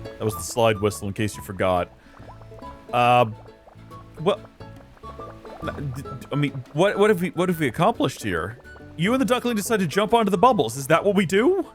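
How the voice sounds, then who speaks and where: A man narrating his video game play with lots of joking exasperation and rambling asides. His voice sits fairly high and bounces around a lot in pitch, with faint game music underneath. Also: big pitch swings, moderate pace, long pauses. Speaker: let's play host. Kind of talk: game commentary.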